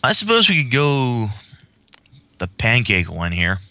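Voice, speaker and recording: A man's voice: mid-range voice, wildly swooping pitch, unhurried, sharp tone. A man hosting a casual podcast chat, talking in a rambling, chatty way at a desk mic. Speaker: host.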